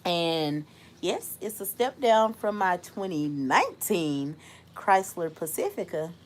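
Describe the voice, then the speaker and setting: A young adult woman hosting a casual livestream, reflective and unhurried, thanking viewers by name and laughing often. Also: lowish voice, big pitch swings. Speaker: host.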